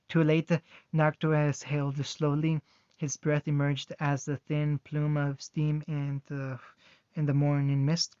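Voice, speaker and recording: A man reading fan fiction aloud, halting with fillers and restarts, on a dull, dry recording. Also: on the high side, completely flat delivery, a little mellow, clear, resonant tone, dry recording.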